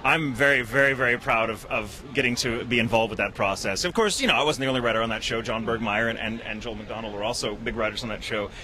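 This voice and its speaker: A man with a bright, forward voice talks about his voice acting and writing at a convention interview. He is animated and chatty, quick to poke fun at himself and laugh. He tosses out playful asides between his answers. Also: mid-range voice. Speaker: voice actor and writer. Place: convention venue.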